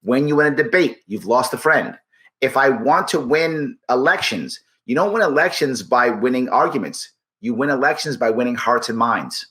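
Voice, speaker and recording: A man's voice: mid-range voice, lively intonation, normal speed, a bit bright. A man speaking as an interview guest, emphatic and punchy, repeating key words for effect. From United States. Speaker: guest, political activist. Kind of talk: persuasive interview talk.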